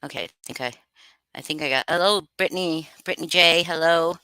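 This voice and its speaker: A woman hosts a casual livestream, reading out viewers' names and swearing freely. Her voice is bright and crisp and sits a little low, recorded dry and close. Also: brisk, no room sound. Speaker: livestream host.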